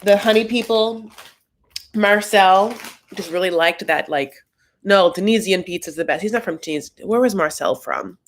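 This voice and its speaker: A woman hosting a casual live recap, chatty and tangential, with sudden animated jumps up in pitch. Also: normal speed, a little hiss or hum. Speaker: host.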